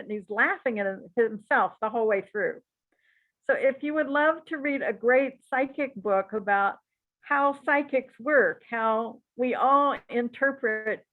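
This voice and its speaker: A woman teaching a psychic class in a relaxed, chatty and encouraging way, with frequent asides. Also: on the high side. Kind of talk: relaxed spoken class talk. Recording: tinny phone-like audio.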